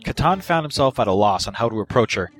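A man reading fan fiction aloud in a steady, measured narration. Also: medium pitch, soft background music. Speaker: reader.

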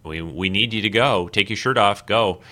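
A man's voice: fairly low pitch, normal speed, bright, forceful tone. A man hosting a podcast alone, talking casually and rambling with fillers and restarts. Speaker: podcast host. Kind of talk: casual solo podcast talk.

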